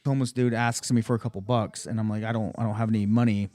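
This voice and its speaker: A man's voice: fairly low pitch, level tone, fast, mellow, no echo. A man telling a long personal story in casual podcast chat, full of profanity and acted-out quotes in a raised voice.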